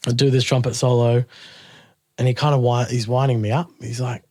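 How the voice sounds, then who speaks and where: In a relaxed interview, this Australian musician guest tells an animated story full of laughter, acting out the words of the people in it. His medium-pitched voice is brisk, captured in clean studio sound with no room noise.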